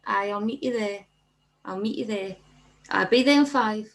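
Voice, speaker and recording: A woman's voice: mid-range voice, moderate pace, gravelly, natural voice. A woman with a Geordie accent imitating a broad Geordie local making casual plans in clipped street talk. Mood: breezy. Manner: clipped and casual, full of "aye" and "mate".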